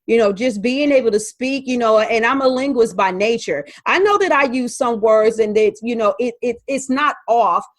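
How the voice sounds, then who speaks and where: A woman, telling an animated story about learning Spanish. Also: a little high, normal speed, few pauses, no room sound. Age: 40s. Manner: lively, animated storytelling with quoted voices. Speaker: podcast host and Spanish learner. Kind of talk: testimonial talk.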